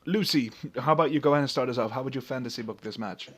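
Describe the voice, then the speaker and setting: Guy hosting a chill podcast, rambly, lots of um and uh, average pitch. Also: rapid-fire, fairly bright tone. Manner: rambling, lots of fillers and restarts. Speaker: podcast host. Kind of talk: casual chat.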